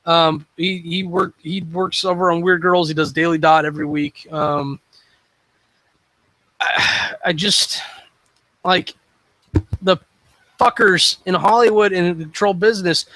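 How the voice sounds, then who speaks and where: Male podcast host, casual and opinionated, rambles, bright tone, fairly high pitch. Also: fairly even intonation, measured pace, pauses often, no echo, low-quality recording. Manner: rambling, frequent ums and restarts, opinionated. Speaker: web show host. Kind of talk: casual solo podcast review.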